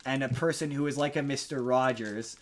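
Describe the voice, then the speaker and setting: A man's voice: medium pitch, fairly even intonation, brisk, a little hiss or hum. A young adult man hosting a podcast, casually recapping a movie plot in a rambling way. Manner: rambling, many restarts and fillers. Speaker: podcast host.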